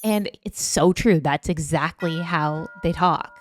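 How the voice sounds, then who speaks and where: A woman's voice: low voice, a little hiss or hum. A woman in her thirties co-hosting a reaction video, chatting casually and filling her talk with "like". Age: 30s. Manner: chatty, quick agreements, many likes. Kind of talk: casual chat.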